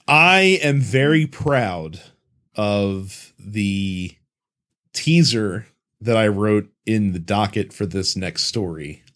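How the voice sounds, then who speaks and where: Male podcast host, lively up-and-down delivery, wry and quick to laugh. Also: on the low side. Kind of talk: casual podcast chat.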